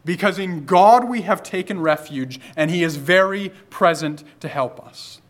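A man preaching a sermon, building emphasis through repeated phrases and slowing down to stress key lines. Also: sits high.

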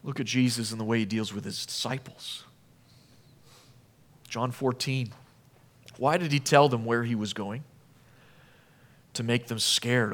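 A man preaching a sermon as pastor, earnest, asking the congregation many questions and swinging from emphatic appeals down to quiet, low passages. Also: animated, measured pace, pauses often. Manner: asks the listeners many questions.

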